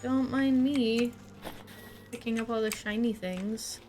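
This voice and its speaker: A woman's voice: a little high, steady tone, slow, noisy background. A woman streamer chatting casually as she plays a game, thinking aloud in an amused, chatty way.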